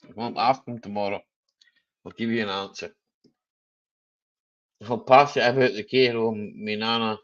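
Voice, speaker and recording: A man's voice: lowish voice, fairly even intonation, moderate pace, pauses often, a bit bright, muffled recording. A man hosting a casual live chat stream, jokey and rambling, chuckling often.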